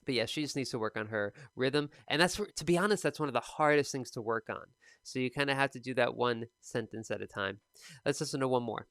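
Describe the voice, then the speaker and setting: A man teaching TOEFL speaking on a live stream, explaining in a relaxed, conversational way. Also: mid-range voice, brisk, dry recording, studio quality.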